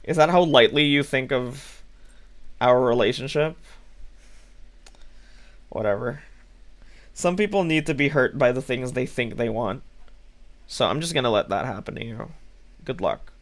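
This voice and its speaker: A man's voice: mid-range voice, expressive, measured pace, long pauses. A man streaming live, bluntly lecturing his chat with lots of swearing. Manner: blunt, scolding, swears freely.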